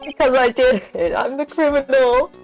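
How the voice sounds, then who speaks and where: A woman's voice: high voice, expressive, normal speed, faint music behind, poor audio. A woman voicing a timid, nervous young man in a fan voice-over of a game, stammering as he insists on his guilt. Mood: pleading.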